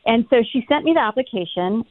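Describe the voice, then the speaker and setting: A middle-aged woman chats as a podcast guest, telling stories with lively energy and cursing freely. Her voice sits a little high and comes over a thin, phone-like line. The sound is dry, with no room around it. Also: fast, no room sound. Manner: animated, swears freely, acts out her own past lines. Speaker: podcast guest, reality TV cast member. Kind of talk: casual storytelling chat.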